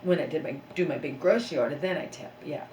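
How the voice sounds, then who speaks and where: Woman vlogger, lowish voice, rambling rant full of "okay?" asides, echoey bedroom with faint background ambience. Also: fast, background noise. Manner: ranting, frequent "okay?" asides. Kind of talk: casual rambling monologue. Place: bedroom, seated on the floor.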